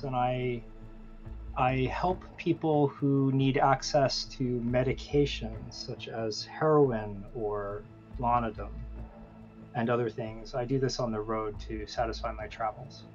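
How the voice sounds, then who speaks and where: A man's voice: mid-range voice, measured pace, muffled recording, soft background music, lightly acted. A man playing a shady traveling pharmacist, introducing him in a plain, matter-of-fact way.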